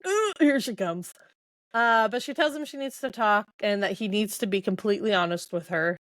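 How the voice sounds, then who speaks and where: A woman's voice: mid-range voice, fairly quick, a bit bright, dry recording, studio quality. A woman hosting a podcast, casually retelling book scenes, reading dialogue aloud and laughing often. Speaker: podcast host. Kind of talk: casual book-recap chat.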